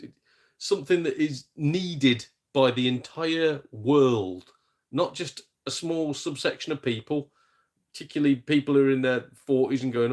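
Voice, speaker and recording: Male stream host, middle-aged, casual sarcastic rant, mocks others with put-on voices. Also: on the high side. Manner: exasperated, sarcastic, mimics people in silly voices. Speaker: gaming channel host.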